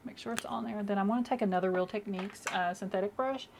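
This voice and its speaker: A woman's voice: mid-range voice, fast, gravelly, slight background noise. A young woman vlogging casually as she does her makeup, chatty and rambling with many fillers, at home. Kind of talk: casual get-ready-with-me chat.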